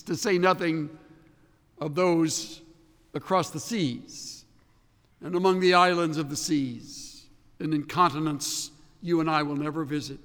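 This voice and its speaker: High-voiced, slow, emphatic male preacher. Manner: emphatic, trailing off quietly at phrase ends. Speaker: pastor. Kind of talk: sermon. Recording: long reverb of a large hall.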